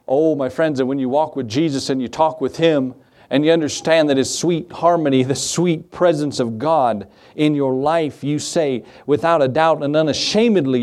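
A man's voice: a little high, a little mellow. A young man preaching a fervent, folksy sermon as pastor, acting out the voices of the people he quotes.

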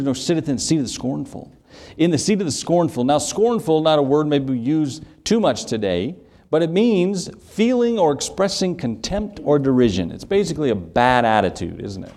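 A man's voice: fairly high pitch, a little mellow. A man preaching a sermon, reading scripture aloud and asking rhetorical questions with emphasis. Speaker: pastor.

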